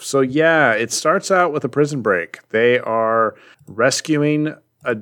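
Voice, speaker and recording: A man's voice: medium pitch, measured pace. Chatty man recapping a comic. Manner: animated storytelling recap with filler ums. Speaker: podcast co-host. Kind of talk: casual comics podcast chat.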